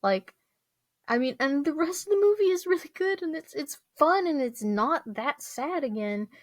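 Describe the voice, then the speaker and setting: A young adult woman vlogs casually in a high-pitched, expressive voice at a normal speed. She rambles with lots of fillers and giggles often. The sound has no echo.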